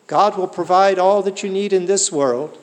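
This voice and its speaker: A man's voice: sits high, normal speed, big-room sound. A man preaching a sermon in an earnest way, asking the listeners rhetorical questions.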